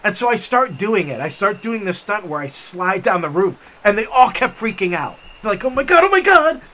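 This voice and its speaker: A man hosting a vlog, telling a story with animated enthusiasm while he hikes through a forest. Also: high voice, normal speed. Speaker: vlog host. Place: forest trail outdoors.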